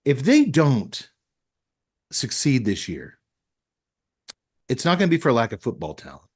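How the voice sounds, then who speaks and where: A man hosting a casual podcast, telling stories with a joking, deadpan manner. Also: medium pitch, unhurried, slightly rough. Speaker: podcast host.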